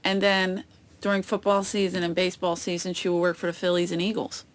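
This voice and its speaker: A woman comedian chatting as a podcast guest, telling stories with lively acted-out quotes. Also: on the low side, a little fast. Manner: animated storytelling, acts out quoted voices. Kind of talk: casual chat. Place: outdoors on a boat.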